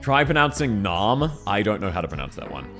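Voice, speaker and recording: A man streaming live and chatting in a casual way, his pitch bouncing wildly up and down as he reacts to his viewers. He laughs a lot and keeps the talk loose. Soft music plays faintly behind him. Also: sing-song, brisk.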